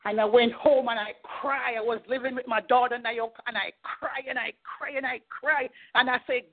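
A middle-aged woman minister speaks in a high voice with earnest fervor, sharing her testimony and urging her listeners. She sounds thin and tinny, as if heard over a telephone conference line. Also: fairly even intonation, moderate pace, hardly any pauses. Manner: earnest, fervent storytelling. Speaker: minister leading a prayer call. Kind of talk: testimony and exhortation on a conference call.

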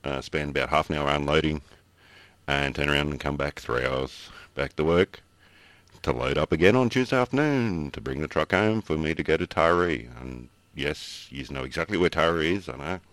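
An Australian man with a remarkably deep, low voice, rambling through casual podcast chat. The sound is dry and close to the mic, with him chuckling now and then. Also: normal speed, a bit bright, dry recording. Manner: rambling, chuckles between stories. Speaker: podcast co-host.

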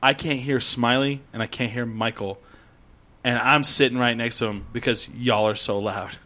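Male podcast co-host, mid-pitched, profane, animated anecdotes. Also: normal speed. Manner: swearing, animated storytelling with acted-out quotes. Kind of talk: casual chat.

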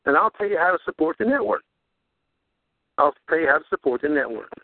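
A man hosting a radio show, preaching in a fervent, repetitive ramble and rising high on rhetorical questions. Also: lively intonation, fairly quick, no echo. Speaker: radio host. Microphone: handheld recorder. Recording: tinny phone-like radio audio.

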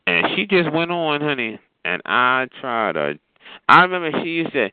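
A man telling a sassy, animated story in casual chat, calling listeners honey and child. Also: medium pitch, normal speed, very noisy. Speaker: chat line regular. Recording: tinny phone line.

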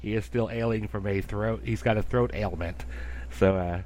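A man's voice: fairly low pitch, fairly even intonation, moderate pace, a little mellow, a little hiss or hum. Rambling male podcast host. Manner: rambling, filler-heavy. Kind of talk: casual podcast chat.

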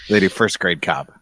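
Husky low-voiced man, teasing. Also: bright, forceful tone, no room sound. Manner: playful, teasing. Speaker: podcast co-host. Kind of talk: casual podcast chat.

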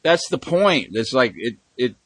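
A man's voice: mid-range voice, big pitch swings, unhurried, slightly rough, no room sound. A man hosting a podcast in casual chat, rambling and swearing with emphatic bursts. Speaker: podcast host.

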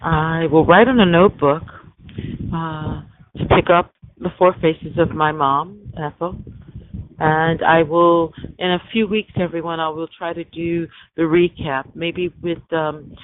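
Preachy guy hosting a call-in show, fairly high voice, tinny phone sound. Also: steady tone, unhurried. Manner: emphatic, preachy, repeats "okay?". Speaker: podcast host. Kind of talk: call-in podcast monologue. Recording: tinny phone line with faint hiss.

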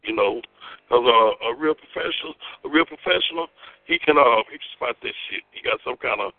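A man calling into a phone chat line, talking in a rambling, repetitive way and shouting taunts. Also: mid-range voice, animated, fairly quick, gravelly, no echo, phone-quality sound.

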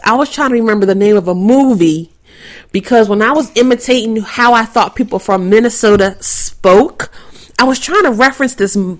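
A woman co-hosting a casual podcast, chatty and quick to laugh, with casual swearing. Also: mid-range voice. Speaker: podcast co-host.

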